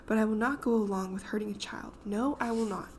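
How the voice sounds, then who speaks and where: A woman voicing a fragile, frightened young woman, speaking her thoughts in hushed whispers. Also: mid-range voice, brisk, a little hiss or hum, lightly acted. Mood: defiant whisper.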